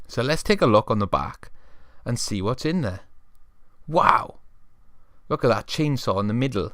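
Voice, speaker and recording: A man's voice: mid-range voice, animated, normal speed, a bit bright, no echo. A man narrating a toy play story and chatting to young viewers as a channel host.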